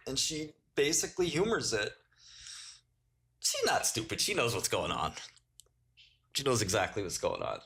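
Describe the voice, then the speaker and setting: Husky, animated man joking on a livestream. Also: mid-range voice, moderate pace, long pauses. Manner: crude, joking, laughs often; slangy storytelling. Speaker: livestream host. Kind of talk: casual livestream chat.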